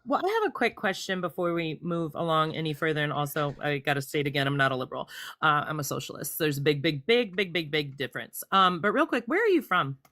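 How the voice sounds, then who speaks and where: Low, sharp-toned woman debater. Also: lively intonation, fast talker, no room sound, studio quality. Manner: pointed, probing questions, terms of endearment. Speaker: debate panelist. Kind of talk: pointed live debate questioning.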